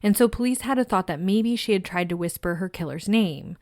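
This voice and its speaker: A woman hosting a true crime podcast, narrating a case in a measured, somber way. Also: medium pitch, darkish tone, no echo, clean studio sound.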